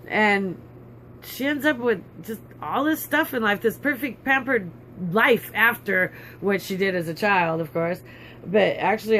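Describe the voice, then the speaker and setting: A vlogger tells a long personal story in a rambling, indignant manner, with plenty of fillers and restarts. The voice is bright and sharp. A faint background hiss runs under the talk. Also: mid-range voice. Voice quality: bitter, indignant, with many fillers.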